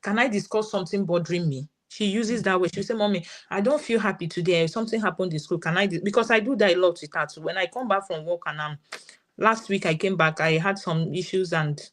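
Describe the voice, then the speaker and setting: A woman's voice: lowish voice, fast talker. Nigerian-accented mother telling a story. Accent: Nigerian English. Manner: storytelling, quoting her daughter's words. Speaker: parent guest sharing her experience. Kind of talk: live session testimony.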